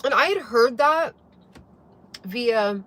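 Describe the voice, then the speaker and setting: Her voice sits fairly high and a bit bright, animated yet slow. The young vlogger eats breakfast while rambling in a casual, chatty way to her viewers.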